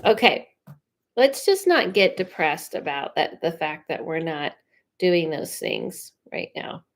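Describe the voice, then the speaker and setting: A woman who works as a psychic medium, chatting casually and giving quick readings to viewers on a livestream, in a rambling, talkative way. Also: low voice, sing-song.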